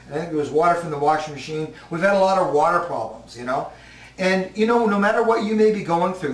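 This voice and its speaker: A man preaching a sermon in a conversational way, often asking the congregation questions. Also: fairly high pitch. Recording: roomy hall from a distance.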